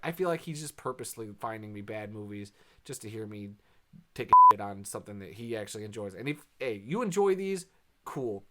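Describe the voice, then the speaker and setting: A man reviews a movie in a loose, unscripted way. He rambles, drops lots of fillers, and keeps a dry, sarcastic edge. He often sighs or laughs, and his voice sits at a middle pitch. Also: pushed and bright. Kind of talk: casual spoken review.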